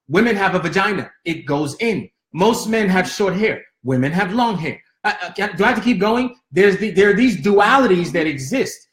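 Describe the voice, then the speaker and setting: High-voiced man preaching relationship advice. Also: fairly bright tone. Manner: emphatic, addresses listeners directly, repeats points. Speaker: co-host giving relationship advice. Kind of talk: preaching-style relationship talk. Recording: echoey room.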